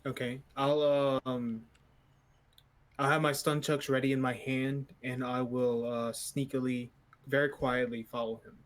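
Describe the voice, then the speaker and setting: A man playing a tabletop game as a player, speaking in a measured, deliberate way. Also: mid-range voice, level tone. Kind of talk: tabletop role-play.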